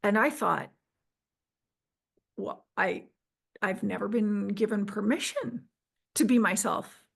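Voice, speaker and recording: A woman's voice: medium pitch, takes it slowly, vocal fry, breathy edge. Earnest woman telling her story. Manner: earnest, restarts and quotes herself. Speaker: interview guest. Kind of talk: personal storytelling.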